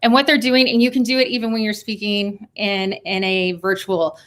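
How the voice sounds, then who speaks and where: A woman giving a lively workshop talk over a video call, coaching and laughing often. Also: mid-range voice, normal speed. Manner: talks of thousands of hours on video calls. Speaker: speaker on persuasion.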